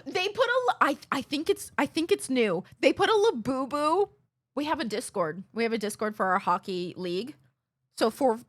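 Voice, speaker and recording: A young woman streams and chats casually with her viewers. Her voice sits high and moves all over the place as she tells the story. She laughs a lot and acts out what other people said in quick bursts. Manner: animated, laughs often, quotes others in bursts.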